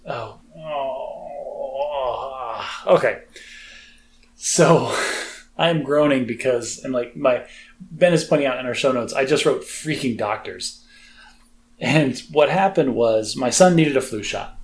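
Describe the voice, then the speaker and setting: A man's voice: mid-range voice, a little slow, slight background noise. An American man co-hosting a podcast, talking in a chatty, self-deprecating way with lots of fillers. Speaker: podcast co-host. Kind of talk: casual chat.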